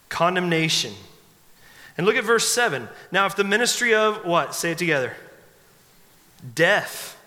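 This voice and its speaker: A man with a bright, forceful, fairly high voice preaches a sermon in a conversational way. He jokes with the congregation and acts out hesitant prayers. His voice rings out with a long reverb through the church hall. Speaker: pastor. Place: church sanctuary.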